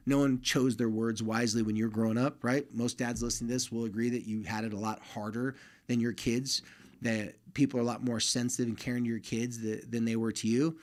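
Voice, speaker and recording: Male podcast host, mid-pitched, casual and direct advice to dads. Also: flat delivery, brisk, darkish tone. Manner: direct and conversational, speaking straight to listening dads.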